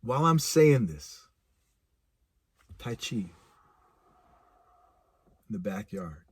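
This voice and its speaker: A man telling a personal story casually, animated and laughing, with vivid sound effects. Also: fairly low pitch, very slow, husky. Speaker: speaker.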